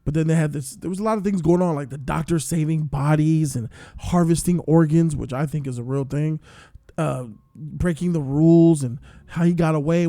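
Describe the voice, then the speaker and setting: A man giving a casual spoiler review, excitable and profane, breaking into loud outbursts. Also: fairly high pitch, no room sound, studio quality. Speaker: show reviewer.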